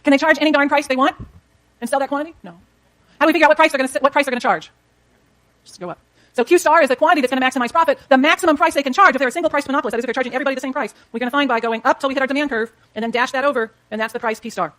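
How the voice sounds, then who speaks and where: Woman, economics lecturer, rapid delivery, fairly high voice, classroom lecture, talks while drawing. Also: fairly bright tone. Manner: brisk, explains while drawing graphs, talks to students.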